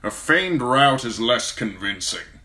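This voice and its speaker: A man reading an audiobook, voicing a cold, calculating older lord who speaks slowly and evenly. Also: mid-range voice, expressive, pushed and bright, voice pushed up. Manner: slow, measured, cold.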